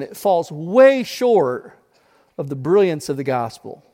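A pastor preaching a sermon, telling a parable in an animated way and often repeating his words. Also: fairly high pitch, measured pace, big-room sound.

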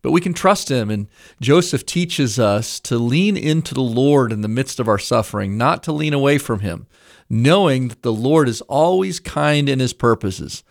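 A man's voice: mid-range voice, lively intonation, moderate pace, vocal fry. A male Bible teacher introducing the day's message in an earnest pastoral tone. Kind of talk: studio intro to a sermon.

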